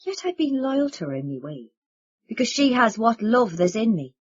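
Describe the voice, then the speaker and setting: A woman's voice: on the high side, sing-song, normal speed, breathy edge, highs cut off. Woman voicing rambling old Irish father. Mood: soothing. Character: older Irish father, warm, rambling, self-mocking man.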